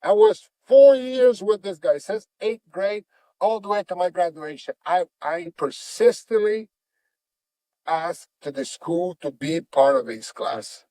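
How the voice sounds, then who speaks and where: Animated man in broken English. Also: high voice, unhurried, no room sound. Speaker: jiu-jitsu master, guest. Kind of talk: storytelling in conversation.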